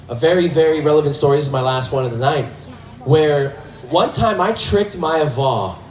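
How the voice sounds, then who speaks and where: A man in his thirties performing a stand-up routine on a comedy club stage, telling stories in an animated way. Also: on the high side. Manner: animated storytelling. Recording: echoey club from far off, faint crowd.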